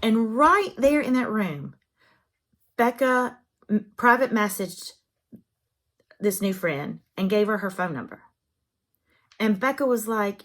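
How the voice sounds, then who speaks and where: A middle-aged woman with a Southern US accent, hosting a craft channel in casual, chatty, encouraging vlog talk. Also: fairly high pitch. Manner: chatty and encouraging, drawn-out phrasing.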